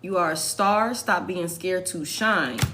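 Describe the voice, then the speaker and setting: A woman's voice: on the low side, slow pace, over music. A woman doing a casual tarot reading for viewers, blunt and profane, repeating her points for emphasis. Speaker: tarot reader.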